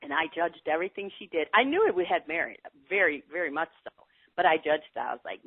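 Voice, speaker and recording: A middle-aged woman telling her spiritual story in a casual interview, animated and earnest. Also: quick pace, slightly rough, dry recording. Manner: animated, earnest storytelling with lively pitch swings. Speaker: spiritual guide guest. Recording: tinny phone-like call audio, dry.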